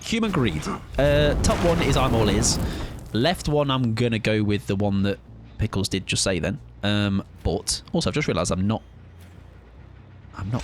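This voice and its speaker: A young man streaming a game, chatting excitably and mocking himself as he plays. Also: mid-range voice, background noise. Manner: chatty, excitable, self-mocking, swears casually. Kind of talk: live gameplay commentary. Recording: game music under the voice.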